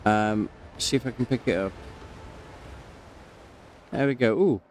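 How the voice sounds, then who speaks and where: A man's voice: mid-range voice, animated, measured pace, pauses often, fairly bright tone. Rambling man chatting over gameplay. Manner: rambling, many fillers, breaks off to comment on the game. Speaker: gamer telling a story while playing. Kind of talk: casual storytelling over gameplay.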